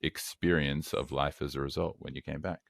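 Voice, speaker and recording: Very deep-voiced frank podcast host. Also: male voice, steady tone, a little fast, gravelly, no echo, studio quality. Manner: frank, conversational, sometimes swears. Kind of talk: podcast interview.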